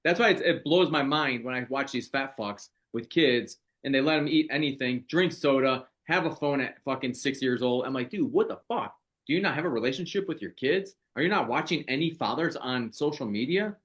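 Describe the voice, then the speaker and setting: A man hosting a podcast in casual chat, brash and excitable, swearing freely. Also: mid-range voice, a little fast, hardly any pauses. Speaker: podcast host.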